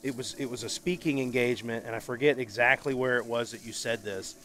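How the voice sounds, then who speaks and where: A man hosting a casual podcast interview outdoors at a barbecue grill, talking in a relaxed, rambling way. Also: mid-range voice, fast, slight background noise. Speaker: podcast host. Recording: faint grill sizzle behind. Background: food sizzling on the grill.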